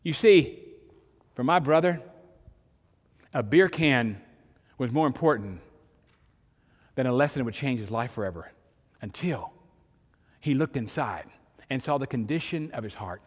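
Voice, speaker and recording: A man's voice: mid-range voice, expressive, unhurried, slightly rough, in a large hall. An older man, preaching a sermon in a conversational storytelling way, with sudden emphatic rises. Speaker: pastor.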